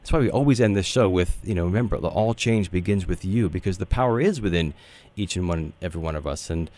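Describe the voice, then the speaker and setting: A man's voice: deep voice, fast talker, darkish tone. A man hosting a spiritual radio talk show, speaking in a meandering, earnest way with many fillers. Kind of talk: casual spiritual radio chat.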